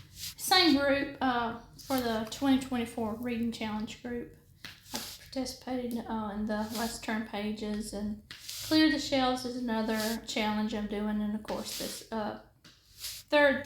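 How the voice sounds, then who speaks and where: A woman vlogger chatting casually while she crafts, rambling with many fillers and restarts. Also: fairly high pitch. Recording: echoey room with faint noise.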